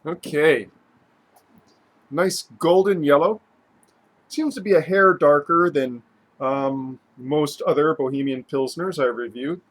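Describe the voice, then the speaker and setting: A man's voice: a little high, takes it slowly, long pauses, a bit bright. A man casually rambling through a beer review at home, chatty and self-mocking, with lots of fillers and restarts.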